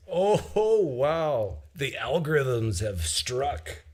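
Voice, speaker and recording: A man hosting a live-stream call-in show, joking with callers in a deadpan, mock-serious way. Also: mid-range voice, normal speed. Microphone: video-call style live stream.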